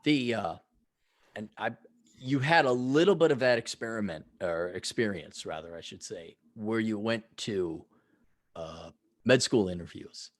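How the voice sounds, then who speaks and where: A middle-aged man chatting as a podcast guest from home on his own microphone over a video call, measured with frequent hesitations. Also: fairly low pitch, animated, dry recording, studio quality. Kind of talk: casual chat.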